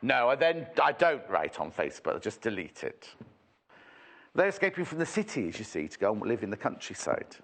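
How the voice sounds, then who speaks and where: A man hosts a TV shopping show in a lowish, fairly bright voice, talking briskly with a sing-song lilt. His live sales pitch is chatty and rambling, full of jokes and asides.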